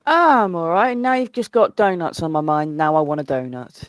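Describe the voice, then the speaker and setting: A woman's voice: low-pitched, normal speed, dry recording, clean studio sound. A woman guest in a casual chat, playful and mock-exasperated.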